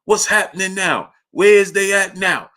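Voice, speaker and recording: A man voicing his blind older great-uncle, who keeps slowly and plaintively asking what is happening in the game. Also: high-pitched, sharp tone, pitched above the performer's own voice. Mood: bewildered asking. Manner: slow, plaintive, repetitive questioning.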